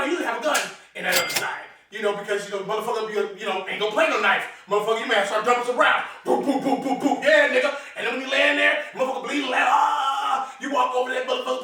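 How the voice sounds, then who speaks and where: A man with a very high, bright voice rattles off a brash, boastful, profane comedic monologue at a quick clip. He keeps chuckling between lines. The sound is roomy and echoey, with the mic set far from him and a faint hiss underneath. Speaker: comedic host showing his knives.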